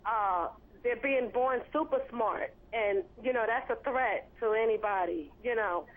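A woman's voice: fairly high pitch, measured pace. A woman calling in to a radio show, rambling and repeating herself with many fillers. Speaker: caller. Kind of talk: call-in radio talk. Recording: phone line on radio.

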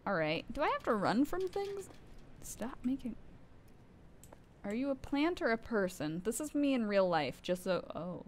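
A woman's voice: fairly high pitch, sing-song, unhurried, slight background noise. A woman streaming a game live, rambling and poking fun at herself while chatting to her viewers, with sudden startled outbursts. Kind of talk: casual live gameplay commentary.

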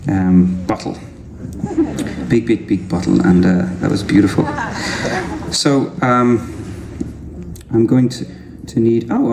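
Irish man telling a story on stage. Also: lowish voice. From Ireland. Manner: rambling, chuckling, self-deprecating chat to the crowd. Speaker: singer-songwriter performing live. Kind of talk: storytelling between songs at a concert. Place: large outdoor concert venue. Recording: distant echoey audience recording with crowd noise.

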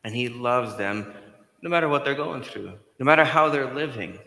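A man preaches a sermon in a chatty, direct way. His voice is bright and forceful, moving between loud emphasis and quiet, hushed lines. It rings with a long echo through a church hall. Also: medium pitch, animated, normal speed, creaky. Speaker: pastor. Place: church sanctuary.

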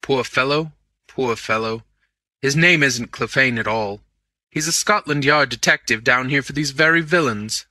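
A man voicing a brisk aristocratic lord who gives clipped, commanding orders. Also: medium pitch, pushed and bright, no room sound, clean studio sound.

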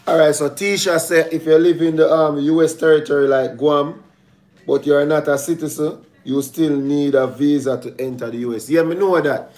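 Jamaican guy, slightly high voice, teasing and joking, reading viewer comments on a live vlog. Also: steady tone, normal speed, darkish tone. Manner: playful, teasing, reads viewer comments aloud. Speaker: vlog co-host. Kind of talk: casual livestream chat.

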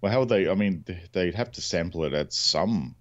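A man co-hosting a podcast, with a deep voice whose pitch moves around a lot. He mostly agrees with short replies and chips in brief remarks. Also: expressive, fairly quick, lo-fi sound. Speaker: podcast co-host. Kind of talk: casual chat.

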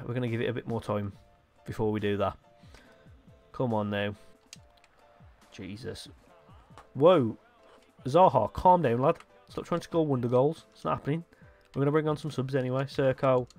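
A young gaming YouTuber with a medium-pitched voice excitedly commentates his own football video game. He swears and shouts at his players as he goes.

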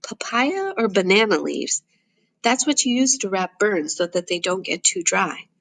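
A woman's voice: mid-range voice, very animated, measured pace, vocal fry, fairly bright tone, heavily acted. A woman voicing a boy who looks after his little brother, earnest and urgent when pressing. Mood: explaining. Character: young African boy, protective older brother.

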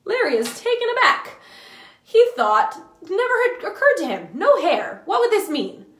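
A woman's voice: very high voice, wildly swooping pitch, normal speed, a bit bright, roomy sound. A woman hosting a live children's show, telling a story in an enthusiastic, sing-song way. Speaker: children's ministry host.

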